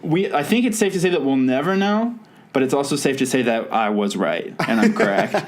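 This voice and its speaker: A man's voice: a little high, very animated, fairly quick. A man hosting a podcast in casual chat, rambling and laughing at his own stories. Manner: rambling, self-amused, laughs often. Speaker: podcast host.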